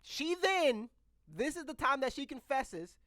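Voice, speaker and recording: A man's voice: very high voice, big pitch swings, unhurried, a bit bright, dry recording. A young man in his twenties candidly telling a rambling personal story to his viewers. He restarts his sentences often as he goes. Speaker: vlogger. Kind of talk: casual storytelling. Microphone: microphone close by.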